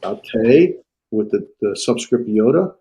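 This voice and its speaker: Halting man teaching a Greek class. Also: on the low side, lively intonation, dark tone, a little hiss or hum, poor audio. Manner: halting, with frequent fillers and restarts; checks in with students often. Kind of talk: classroom lecture.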